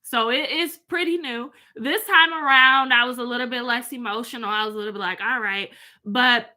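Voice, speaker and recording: A woman's voice: a little high, moderate pace, pushed and bright. A woman, chatting casually from home straight to her viewers and reading out their comments. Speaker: vlogger.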